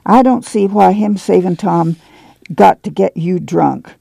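A firm, practical farm mother, voiced by a man reading a novel speaks bluntly in rural dialect. The voice is gravelly and mellow, and the sound is dry. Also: high-pitched, unhurried, no room sound, heavily acted. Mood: stern.

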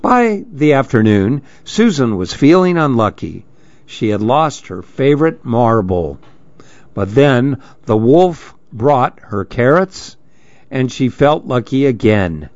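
A man hosting a program, reading a children's story aloud in a gentle, measured way. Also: mid-range voice, very animated, no echo, lo-fi sound.

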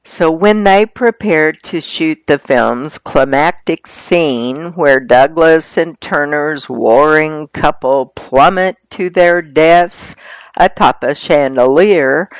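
A reader reading magazine articles aloud in a steady, measured way. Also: mid-range voice, smooth, no room sound.

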